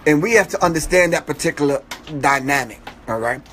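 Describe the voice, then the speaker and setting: A man with a high voice talks in a relaxed interview, pressing his points with emphasis and often asking whether he is understood. Faint noise sits under the recording. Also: a little fast. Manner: emphatic, repeats "you understand what I'm saying". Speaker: interview guest. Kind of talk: casual conversational interview.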